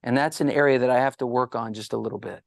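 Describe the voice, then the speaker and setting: A middle-aged man with a gravelly, fry-edged voice tells animated stories as an interview guest. He jumps into the voices of the people he quotes. The sound is close and dry, with no room echo. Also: mid-range voice, quick pace. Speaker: guest psychologist. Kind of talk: storytelling interview answers.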